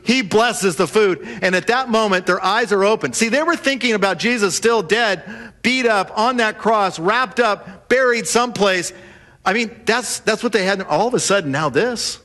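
A man preaching a sermon, telling the story in a lively way and acting out the voices of the people in it. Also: high-pitched. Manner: animated storytelling, acts out voices of the disciples. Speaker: pastor.

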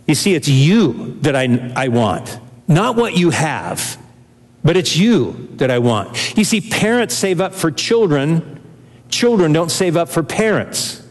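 A man's voice: fairly high pitch, very animated, slow pace. Older male preacher in a reverberant hall. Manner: earnest, emphatic preaching with repetitions. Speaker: pastor. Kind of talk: sermon.

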